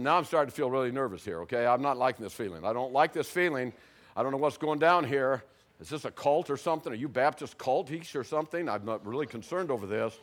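An older man shares his testimony before an audience. His pitch rises and falls in lively swings. He drops to a hush and then bursts out loud as he talks. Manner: animated storyteller, swings from hushed to loud. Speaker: speaker giving testimony.

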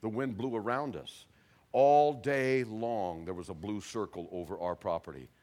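A male pastor preaching a sermon, telling stories animatedly and dropping very soft at dramatic moments. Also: on the low side, moderate pace. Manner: animated storyteller, acts out voices, drops very soft for dramatic moments. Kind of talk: sermon with storytelling.

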